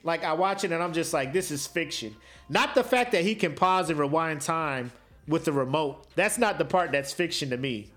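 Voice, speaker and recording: A man's voice: a little high, moderate pace, fairly bright tone. A man co-hosting a podcast in casual chat, joking and slangy, laughing often. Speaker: podcast co-host.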